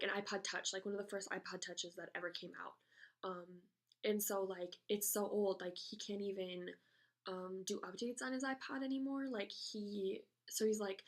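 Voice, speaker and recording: Young american girl vlogging, rambly, lots of likes and ums, bit of vocal fry. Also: mid-range voice. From United States. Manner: rambling, hesitant, heavy on "like" and "um". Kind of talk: casual chat answering a question tag.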